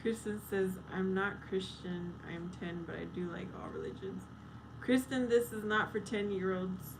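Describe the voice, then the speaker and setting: A woman's voice: mid-range voice, normal speed, noisy background. A woman live streaming in casual chat, reading viewer comments aloud and answering them. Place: outdoors at night.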